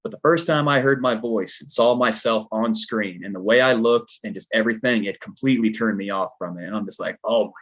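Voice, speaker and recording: A man with a low, husky voice and a Southern American twang tells a story in a loose, rambling way, leaning on filler words. The audio is dull and lo-fi, like a home podcast setup. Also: fairly quick, hardly any pauses, fairly bright tone. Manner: laid-back, rambling, lots of filler words. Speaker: podcast guest, stuntman. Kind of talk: casual storytelling chat.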